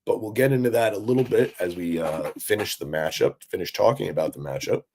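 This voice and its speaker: A man's voice: fairly low pitch, fairly quick, a little mellow, a little hiss or hum. A man hosting a live-stream recap, talking casually and with enthusiasm, answering chat with lots of fillers. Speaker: wrestling recap host.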